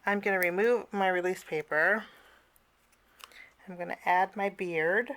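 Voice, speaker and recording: A woman's voice: on the low side, a little slow, fairly bright tone. A woman teaching a casual cardmaking tutorial, chatty, with personal asides and frequent fillers.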